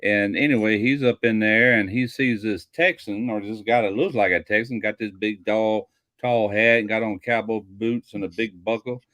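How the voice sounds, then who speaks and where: A man's voice: lowish voice, moderate pace, few pauses, fairly bright tone, no room sound. A man hosting a casual livestream chat, telling jokes as a folksy storyteller. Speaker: livestream host.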